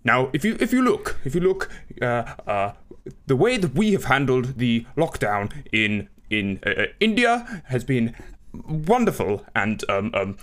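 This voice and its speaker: A man's voice: medium pitch, sing-song, measured pace, a bit bright, pitched above the performer's own voice. A pompous, bumbling prime minister who stammers through every sentence, as a young man puts him on for a comedy sketch. He blusters along in a sing-song voice that leaps up and down. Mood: blustering.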